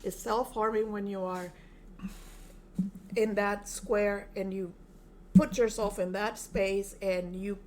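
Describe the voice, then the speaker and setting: A woman's voice: mid-range voice, fairly even intonation, slow pace, pauses often, a little mellow, slight background noise, poor audio. A woman in casual conversation, co-hosting, teasing and stubborn, laughing often. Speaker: co-host, bereaved mother. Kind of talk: casual chat.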